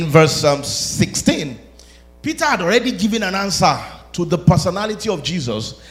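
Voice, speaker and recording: A man preaching a sermon, animated, rising to shouts and laughing between his points. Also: high voice.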